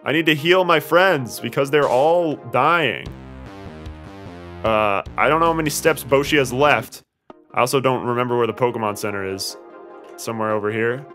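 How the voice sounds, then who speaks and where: Faint music sits behind a man whose medium-pitched voice is a little bright and moves at a moderate pace. He's a let's play host narrating his playthrough, rambling in exasperation and pleading with the game characters.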